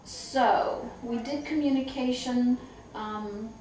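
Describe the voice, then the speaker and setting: A middle-aged woman who trains staff at a memory care home, telling lively stories and acting out the voices of people she quotes. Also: fairly high pitch, takes it slowly, a little hiss or hum. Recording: echoey room, far from the mic.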